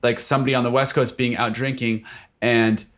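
A man, a songwriter guest, chatting casually and excitedly, rambling through stories with lots of fillers. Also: medium pitch, brisk. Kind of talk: casual storytelling chat.

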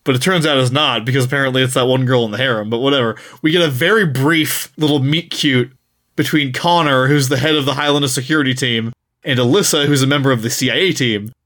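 A man's voice: mid-range voice, fast. A man co-hosting a podcast, casually retelling a book's plot with laughs and swearing. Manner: laughing, profane, animated storytelling. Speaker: podcast co-host.

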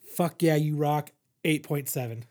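A man's voice: fairly high pitch, measured pace, darkish tone. A young man in casual chat, hosting a podcast and retelling a comic issue in a rambling, profane way full of fillers. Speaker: podcast host reviewing comics.

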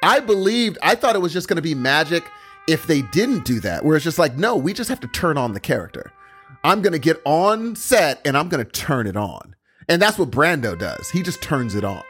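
A man talking casually about a series he loves. His voice sits a little high and swings widely as he gets excited, exclaiming often and restarting sentences mid-thought. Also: brisk, husky, faint music behind. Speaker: co-host discussing a TV series. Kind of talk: casual chat.

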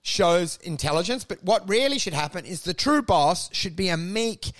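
A man's voice: high-pitched, moderate pace, dry recording. A man riffing in loose comedy podcast banter, laughing often and slipping into silly voices. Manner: laughing, animated, bursts into silly character voices.

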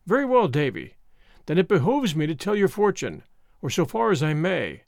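A man's voice: a little high, big pitch swings, normal speed, creaky, a little mellow, no room sound, clean studio sound. A man voicing a kindly, earnest old country minister in an audiobook, giving solemn, old-fashioned counsel. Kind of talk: audiobook reading.

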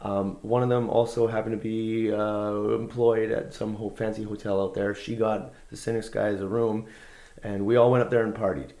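A man's voice: lowish voice, level tone, moderate pace, warm tone. A man, a guest musician, telling anecdotes in a casual conversation, rambling and laid-back with lots of fillers and restarts.

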